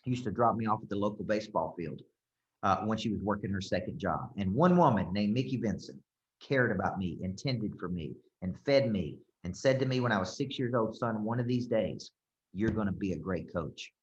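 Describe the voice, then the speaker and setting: A man's voice: lowish voice, expressive, normal speed. A man coaching a group, speaking emphatically and checking in often with "okay?" and "right?". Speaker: business coach. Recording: roomy, slightly dull sound.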